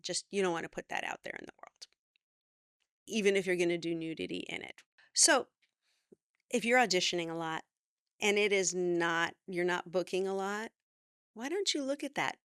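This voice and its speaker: A woman's voice: normal speed, pauses often, clean tone, dry recording. Emphatic woman acting coach, dry close sound. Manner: energetic, emphatic, animated with pitch jumps when quoting. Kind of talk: direct-to-camera acting advice.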